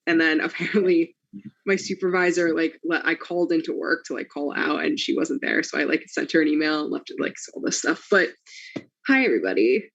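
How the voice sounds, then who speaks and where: A man whose voice is nearly gone talks casually over a video call. His tone sits high and gravelly, with a breathy, husky edge, and he rambles through restarts while poking fun at himself. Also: a little fast, fairly bright tone, lo-fi sound. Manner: rambling, self-mocking, trailing restarts. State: hoarse, losing voice. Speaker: cast member on a video call. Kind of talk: casual chat.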